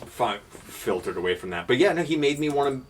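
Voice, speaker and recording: A young man hosting a casual podcast chat, rambling and swearing freely with animated asides. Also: medium pitch, a little fast, slightly rough, far from the mic. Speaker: podcast host.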